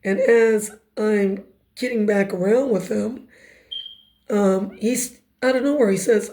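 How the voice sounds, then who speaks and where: A woman with a raspy voice telling her personal testimony in an emphatic, conversational way with quick asides. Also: medium pitch, steady tone, darkish tone. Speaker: speaker giving personal testimony.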